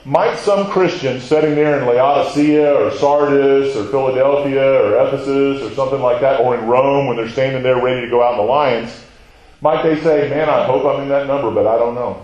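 A man's voice: medium pitch, brisk, darkish tone. A man teaching a Bible class in a conversational way, asking questions and answering them himself. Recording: very echoey room.

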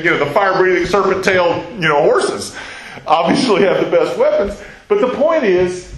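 Chatty male Bible teacher, echoey room. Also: high voice. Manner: asks the audience questions, chatty asides. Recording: roomy echoing hall.

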